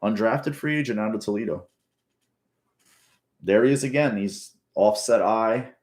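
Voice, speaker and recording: Rewatching a football game, a man delivers rambling, profane commentary and frequently restarts his sentences. He's a sports fan with a lowish, somewhat mellow voice and a slightly slow pace.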